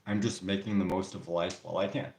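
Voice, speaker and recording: Low-voiced man chatting in a roomy space. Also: brisk, creaky. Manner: relaxed and candid, with frequent restarts and "like". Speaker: live stream host answering viewer comments. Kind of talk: casual live Q&A chat. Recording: roomy echo.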